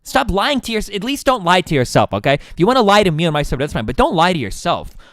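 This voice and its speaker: A man's voice: high-pitched, very animated, quick pace, a bit bright, no room sound. A man streaming, talking casually and heatedly to his chat, profane and combative.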